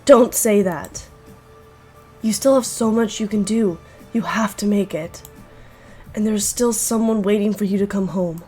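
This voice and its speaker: A woman's voice: mid-range voice, moderate pace, mellow, faint music behind, natural voice. A woman reading aloud the lines of an angry, grieving teenage girl in a horror visual novel, in a bitter, blunt way.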